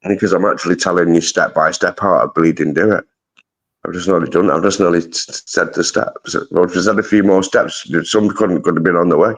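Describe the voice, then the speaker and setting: Deep-voiced Mancunian man rambling. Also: steady tone, a little fast. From Manchester, England. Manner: rambling, swears freely, slangy storytelling. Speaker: live stream host. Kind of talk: casual live stream chat.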